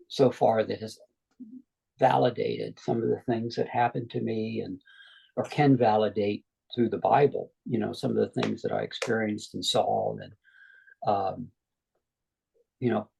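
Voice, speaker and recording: A middle-aged man, a guest on an interview show, telling his near-death story in a relaxed way, with frequent "you know" asides. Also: on the low side, vocal fry, a little hiss or hum, low-quality recording.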